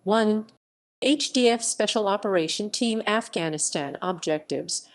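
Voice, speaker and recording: A woman reading an encyclopedia article aloud in an even, listing delivery. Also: medium pitch, measured pace. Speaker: article reader.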